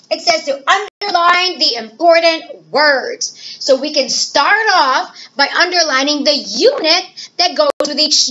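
Playful high-voiced woman teaching math. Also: muffled recording, a little hiss or hum. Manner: animated and playful, talks to children, asks and answers her own questions. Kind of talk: recorded classroom math lesson.

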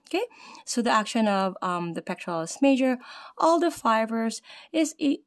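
A woman presenting an anatomy lesson over slides, reading her notes aloud with many fillers and slowing down to spell out terms. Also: a little high, big pitch swings.

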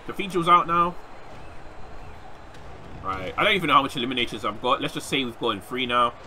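Young man, gameplay commentary, yelling at opponents, sharp tense voice, faint hiss behind. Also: medium pitch, animated, brisk. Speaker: gaming YouTuber.

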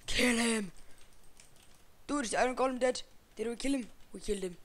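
A woman giving casual gameplay commentary for her channel, excitable and swearing, yelling to a teammate. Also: on the high side, moderate pace, long pauses. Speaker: gaming channel host.

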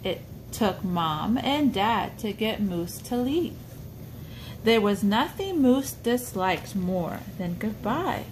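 A woman's voice: mid-range voice, lively intonation, takes it slowly, slight background noise. A woman reading a picture book aloud to a small child, coaxing and pointing things out with questions. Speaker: storybook reader for a child.

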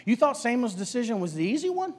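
A man's voice: very high-pitched, big pitch swings, fast talker, big-room sound. A male preacher delivering a sermon, hammering the congregation with rhetorical questions. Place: church sanctuary.

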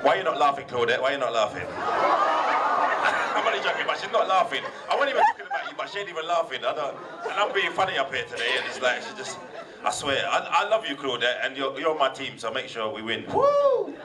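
A man's voice: medium pitch, big pitch swings, fast, a loud crowd, heavy background noise. Brash London man in his forties doing stand-up. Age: 40s. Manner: brash, teasing the audience, swearing. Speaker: stand-up comedian. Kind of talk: stand-up comedy. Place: comedy theatre stage. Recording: amateur far-off camera in a loud crowded theatre.

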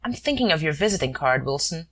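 A woman voicing a proud, calm male detective who speaks in a measured, superior way. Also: low-pitched, exaggerated voice.

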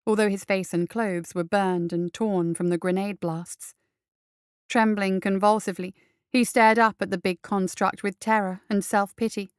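A woman narrating an action story in a steady, measured reading. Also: mid-range voice, clean tone, dry recording, clean studio sound.

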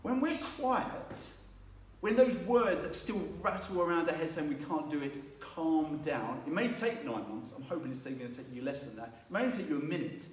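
Male preacher, slightly high voice, animated sermon delivery, roomy distant sound. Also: moderate pace, a little hiss or hum. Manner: animated storytelling, acting out biblical voices. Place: church. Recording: echoey room, mic at a distance.

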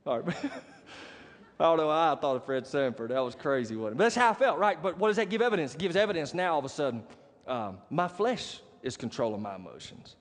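A man's voice: fairly high pitch, animated, fairly quick. A man preaching a sermon as pastor, telling a personal story and often checking in with the congregation. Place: church sanctuary. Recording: long church hall reverb.

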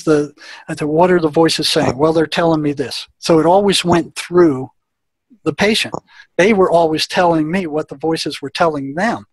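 A man's voice: fairly high pitch, husky, no echo. A man, a former prison therapist, telling an anecdote in conversation and acting out the dialogue in a plain-spoken way.

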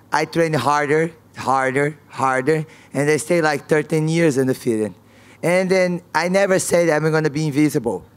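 A woman fighter at a press conference, speaking frank, non-native English with broken grammar and repeated key words. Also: low voice.

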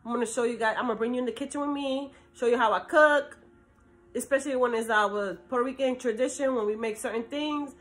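A middle-aged woman from Brooklyn with a New York accent, chatting casually to her viewers in a talkative, animated way. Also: fairly high pitch. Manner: chatty, animated, talks fast and drifts between topics. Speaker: vlogger. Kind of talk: casual chat to camera.

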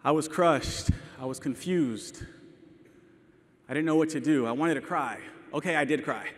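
A man's voice: on the high side, normal speed. Young man telling a story in a reverberant hall. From El Paso, Texas. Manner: earnest, emotional, with self-deprecating humor. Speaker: teacher giving a keynote speech. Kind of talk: personal storytelling speech. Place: large hall with audience.

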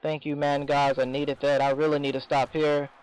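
A man commentating his own video game match, swearing often and swinging between excitement and exasperation. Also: fairly high pitch, moderate pace, a little hiss or hum, poor audio. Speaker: gameplay commentator.

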